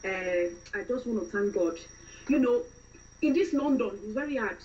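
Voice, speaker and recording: A woman's voice: fairly high pitch, lively intonation, moderate pace, far from the mic, muffled recording, slight background noise, natural voice. A woman voicing a newly arrived, devout and exasperated Nigerian woman in London, with a Nigerian accent and fervent, preachy exclamations.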